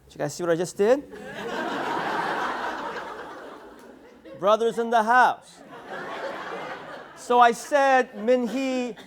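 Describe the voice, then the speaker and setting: A man's voice: very high voice, animated, extremely slow, pauses often, noisy background. Man giving a playful keynote. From San Francisco. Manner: storytelling, playful asides to the audience. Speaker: keynote speaker. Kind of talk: humorous conference keynote. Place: conference hall.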